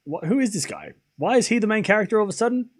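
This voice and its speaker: A man's voice: high-pitched, sing-song, rapid-fire. A man commentating a tennis match live on stream, chatty and incredulous, laughing often and talking to his chat.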